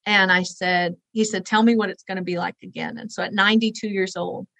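A woman's voice: mid-range voice, steady tone, fairly quick, gravelly, a bit bright, dry recording, poor audio. A woman in her forties, a guest in an interview, tells a personal story in an earnest, conversational way and acts out the voices she quotes. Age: 40s.

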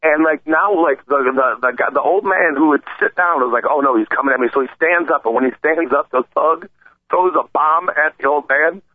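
A man co-hosting a sports talk radio show, telling stories in a heated, animated way. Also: on the high side, normal speed. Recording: tinny phone-line sound, dry.

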